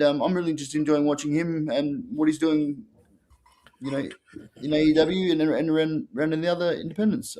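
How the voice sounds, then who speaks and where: Laid-back, slangy male podcast co-host. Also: a little high. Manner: laid-back, slangy, says bro and man. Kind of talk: casual wrestling podcast chat.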